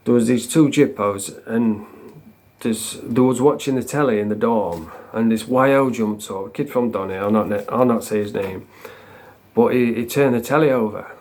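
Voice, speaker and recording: A man casually telling stories, rambling, swearing freely and chuckling as he goes. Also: fairly low pitch. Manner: acts out quotes with shouts. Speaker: vlogger. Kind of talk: casual storytelling.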